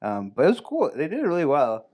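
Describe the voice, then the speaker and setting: A man's voice: a little high, huge pitch swings, fast, darkish tone. A man co-hosting a podcast in casual chat, stammering a little and asking follow-up questions. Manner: stammering, questioning listener who asks follow-ups. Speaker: podcast co-host.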